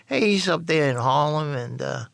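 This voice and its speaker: A man's voice: a little high, lively intonation, moderate pace, vocal fry, fairly bright tone, no room sound, studio quality. A man telling his own story in blunt, profane street talk, acting out the voices of the people he quotes. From New York. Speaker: storyteller recounting his past. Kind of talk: candid spoken memoir.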